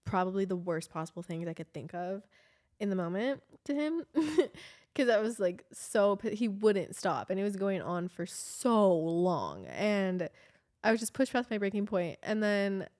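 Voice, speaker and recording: A young woman casually telling a long story on a podcast, animated and full of "like". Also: medium pitch, measured pace. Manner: chatty, animated, heavy use of "like", laughs often. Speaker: podcast co-host.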